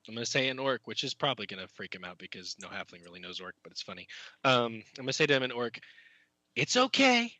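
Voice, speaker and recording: A man's voice: on the low side, rapid-fire, sharp tone, no room sound. A man playing a tabletop game, describing what his character does. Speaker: player.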